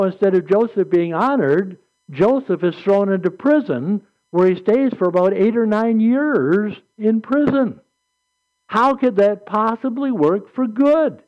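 A man preaching a sermon, retelling scripture stories in an earnest, plainspoken way and reading verses aloud. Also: sits high. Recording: muffled lo-fi recording.

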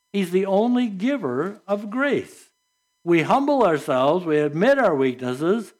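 A man preaching a sermon as pastor, reading scripture and adding earnest, conversational asides with soft laughs. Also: high-pitched.

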